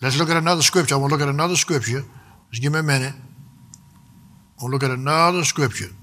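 A man delivers a sermon in a high, ringing voice. His cadence is rhythmic, sliding at times into half-song, and he slows down to stretch out important words. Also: sharp tone. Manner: rhythmic preaching, sometimes half-sung, stretched words for emphasis. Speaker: preacher.

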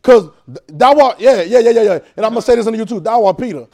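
A high-pitched male preacher leads a call-and-response sermon. He is animated, repeats his words and keeps asking the congregation questions. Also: racing, creaky.

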